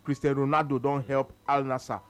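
A man's voice: brisk, soft background music. A man speaking Nigerian Pidgin English as co-host of a casual sports radio talk show, repeating phrases for emphasis as he argues his point. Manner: animated, repeats phrases for emphasis, swings between low mutters and high exclamations.

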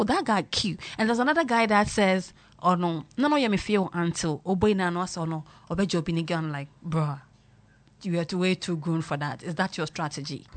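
Chatty woman over loud music. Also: lowish voice. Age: 20s. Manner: chatty, animated, mixes in local pidgin and slang. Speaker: vlogger commenting on a reality show. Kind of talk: casual chat to viewers. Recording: loud music playing behind.

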